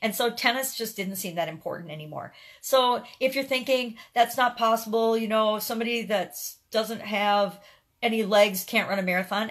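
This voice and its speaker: A middle-aged woman giving an earnest, upbeat motivational vlog, often repeating words at the start of her phrases. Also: medium pitch. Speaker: vlogger. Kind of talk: casual motivational talk to camera.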